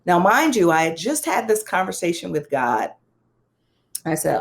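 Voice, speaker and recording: A woman guest, a psychologist and pastor, telling a personal story in an interview, animated and conversational with touches of self-deprecating humor. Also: normal speed, vocal fry. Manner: animated, acts out quoted dialogue with big pitch swings.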